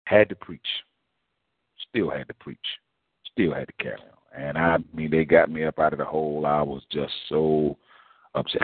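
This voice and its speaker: A man preaching a folksy storytelling sermon, addressed as apostle, animated and full of vivid asides. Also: extremely low pitch, moderate pace, husky, dry recording. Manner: animated, folksy, quotes others in lively voices. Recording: tinny phone-like dry sound.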